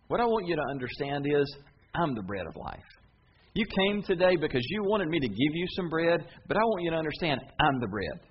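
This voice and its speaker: A man voicing Jesus as a stern teacher with an edge, slightly lower than his usual voice. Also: very animated, fairly quick, dull audio, slight background noise. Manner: stern, firm.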